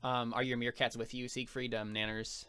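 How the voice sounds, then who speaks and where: A man's voice: mid-range voice, little pitch movement, moderate pace, bright, forceful tone, smooth. A young man acting as game master, narrating casually with lots of fillers and laughs. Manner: rambling, full of fillers and laughs.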